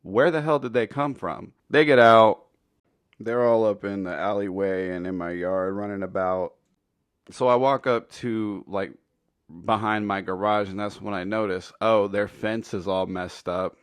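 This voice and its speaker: A man's voice: fairly low pitch, fairly even intonation, measured pace, clear, resonant tone, no echo. A man telling a funny story in a casual, rambling, foul-mouthed way. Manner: laid-back, profane, rambling. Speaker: storytelling commentator.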